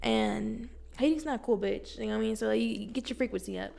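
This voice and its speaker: A young woman vlogging from home, giving casual self-help talk to camera in a blunt, slangy, profane and animated way. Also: a little high, quick pace, vocal fry.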